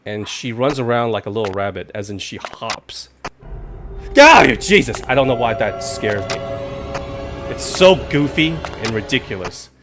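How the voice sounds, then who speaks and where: A man's voice: on the low side, moderate pace, music in the background. Rambling chatty male game streamer. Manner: rambling, chatty, jumpy outbursts when startled. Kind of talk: casual live gaming commentary.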